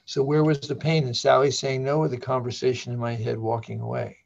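A man's voice: medium pitch, fairly quick, creaky, dull audio. An older man, a psychologist and author, explaining ideas in conversation and acting out the voices he quotes. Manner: animated storyteller who acts out quoted voices. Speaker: psychologist and author, podcast guest. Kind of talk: conversational explaining with acted examples.

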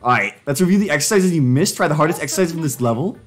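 A young man live-streaming, chatting casually and joking excitedly with himself while working through language drills. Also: very fast, few pauses, soft background music. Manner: jokey, excitable, laughing self-commentary with sudden pitch jumps.

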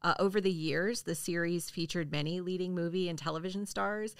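A woman's voice: fairly low pitch, fairly even intonation, fairly quick, clear, resonant tone, dry recording, clean studio sound. A woman co-hosting a podcast in casual chat, thoughtful, reading out facts and laughing easily. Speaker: podcast co-host.

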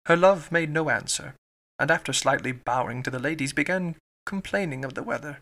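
A man with a creaky, mid-range voice narrates a classic novel as an audiobook. His reading is measured and even.

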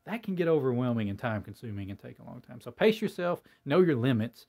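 A man's voice: medium pitch, very animated, fast, gravelly, a little mellow, breathy edge. A man hosting his own hobby channel, talking casually and ramblingly with lots of fillers, in a folksy, self-deprecating way. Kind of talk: casual talk to camera.

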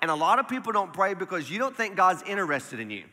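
A male pastor preaching to his congregation, his slightly high, bright voice ringing out through a church hall that carries a long tail of reverb. He talks to the room like a friend and doubles back on his words as he builds emphasis. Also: very animated, fast talker. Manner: conversational, repeats words when emphatic. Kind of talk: sermon. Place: church sanctuary.

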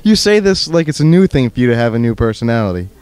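A man's voice: mid-range voice, very animated, fast, a little mellow, smooth. A man co-hosting a radio show, dry and teasing in casual banter. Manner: dry, teasing, laughs often. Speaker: radio co-host.

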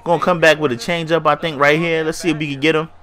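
A man's voice: a little high, level tone, fast, fairly bright tone. A man with a stuffy nose giving casual, hyped gameplay commentary, slangy and talking straight to his viewers. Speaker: gaming YouTuber.

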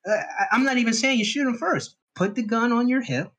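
A man's voice: very high voice, a little fast, fairly bright tone, low-quality recording. A man arguing his point on an online panel, emphatic and prone to repeating himself. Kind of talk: heated online panel debate.

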